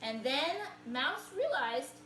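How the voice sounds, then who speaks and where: A woman reading a picture book aloud to children in an animated, encouraging way and asking them to join in. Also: high-pitched, slow pace, a little hiss or hum. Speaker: storytime reader. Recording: echoey room.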